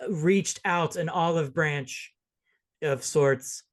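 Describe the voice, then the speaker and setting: A man hosting a casual movie review podcast, joking and talking in quick bursts with restarts. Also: on the high side. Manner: jokey, quick, restarts often. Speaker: podcast host.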